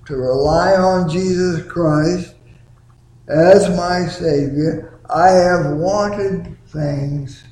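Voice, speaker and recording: A middle-aged male pastor preaching a sermon with slow, deliberate, drawn-out words in a church sanctuary. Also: a little high, a little mellow. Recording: echoey church room.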